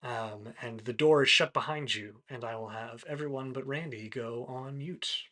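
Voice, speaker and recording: A man running a tabletop game as game master, narrating in a relaxed, descriptive way with many fillers. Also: mid-range voice, normal speed, a crowd in the background.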